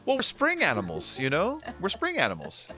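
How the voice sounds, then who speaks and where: Chatty bright-voiced man gaming. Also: fairly high pitch, huge pitch swings, brisk, soft background music. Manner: rambling, chatty, trails off with fillers. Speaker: gaming channel host. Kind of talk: casual chat while playing a game.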